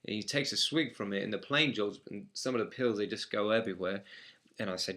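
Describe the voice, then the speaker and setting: A man's voice: lowish voice, a little fast, fairly bright tone. A man with an English accent telling a first-person anecdote in a matter-of-fact, dry way. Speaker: storyteller.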